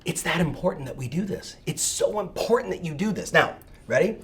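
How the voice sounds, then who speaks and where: A middle-aged man giving an energetic coaching talk to real estate agents, emphatic and fired up, often checking in with "right?". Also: on the high side, a little fast.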